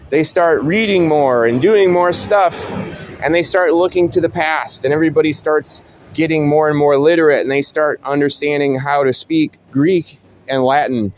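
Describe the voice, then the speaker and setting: A man's voice: a little high, darkish tone. A man hosting a casual monologue, rambling and profane with frequent restarts. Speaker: host.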